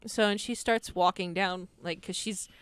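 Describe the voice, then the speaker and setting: A woman's voice: on the low side, fairly even intonation, normal speed, a bit bright, clear, resonant tone, no echo. A woman running a tabletop game as game master, narrating in a loose, descriptive way. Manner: descriptive, laughing, loose storytelling.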